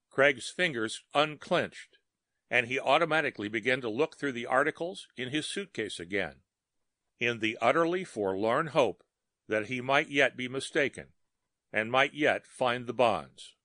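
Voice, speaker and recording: A man narrating a story in a measured, dramatic reading. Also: mid-range voice, expressive, pushed and bright, dry recording, studio quality.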